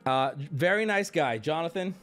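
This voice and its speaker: A young adult man telling a rambling story to his stream chat, animated and swearing, jumping between high exclamations and low mumbles. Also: moderate pace, clear, resonant tone, faint music behind.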